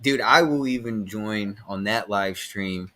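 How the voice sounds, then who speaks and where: Excitable male host, sports chat, quick to laugh. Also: fairly low pitch. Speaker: podcast host. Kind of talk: casual sports talk.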